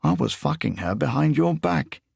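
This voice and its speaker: A man's voice: fairly high pitch, expressive, normal speed, vocal fry, husky, no echo, clean studio sound, voice pushed up, heavily acted. A man voicing a smug, sadistic male gunman in an audiobook, with a sneering, gloating, crude manner. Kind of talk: audiobook character voice.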